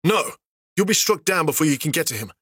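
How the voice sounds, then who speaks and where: A man voicing a tough male ranger in a storybook, speaking urgently in a raised, higher voice. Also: sing-song, fairly quick, a bit bright, breathy edge, no echo, clean studio sound, exaggerated voice. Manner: urgent, pressing.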